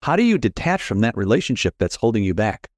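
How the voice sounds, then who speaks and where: A man's voice: on the low side, fast talker, dry recording, clean studio sound. Rambling middle-aged male podcast host. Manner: rambling, animated, self-deprecating. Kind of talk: casual conversational interview.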